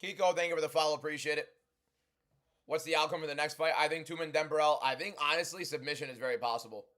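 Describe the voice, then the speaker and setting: A young man hosting a livestream, talking loudly and chatting casually as he reads and answers viewer comments. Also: on the high side, fairly even intonation, fast. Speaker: livestream host.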